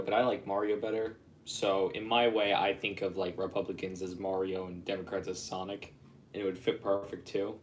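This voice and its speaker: A man's voice: lowish voice, a little hiss or hum. A man rambling casually on a livestream, chatting and reacting to viewer comments. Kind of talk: casual live-stream chat.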